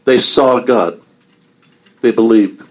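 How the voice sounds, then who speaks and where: A man's voice: mid-range voice, slow, poor audio. A man leads a small Bible study group. He reads scripture aloud, then stops to explain it in an earnest, teaching way.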